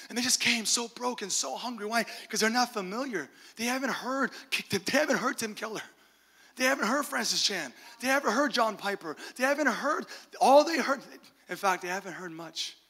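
Male pastor, high bright voice, animated sermon storyteller. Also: slightly rough, in a large hall. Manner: animated storytelling with laughs and quoted asides. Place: church sanctuary.

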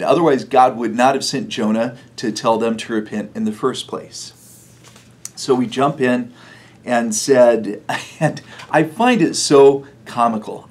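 A man's voice: mid-range voice, breathy edge. A man preaching a sermon in a church, telling the story in a conversational way and chuckling often. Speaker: pastor.

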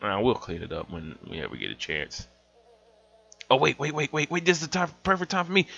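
A young man giving loud, profane, excitable commentary while playing a life-sim game, swinging from yells to mutters. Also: on the high side, moderate pace, gravelly. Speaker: gaming YouTuber. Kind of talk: profane comic gameplay commentary. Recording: dull lo-fi home mic with game music.

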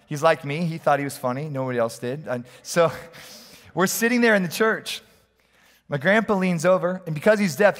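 A middle-aged pastor preaches in a conversational, storytelling way, with jokes along the way. His voice sits a bit high for a man. The sound rings out with a long reverb from the church hall. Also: a bit bright. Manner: storytelling, conversational, humorous asides. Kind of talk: sermon.

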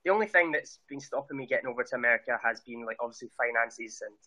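Scottish man, very bright tense voice, earnest casual chat, frequent restarts, video call guest. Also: mid-range voice, quick pace, low-quality recording. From Scotland. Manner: earnest, chatty, with many restarts and fillers. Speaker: vlogger, interview guest.

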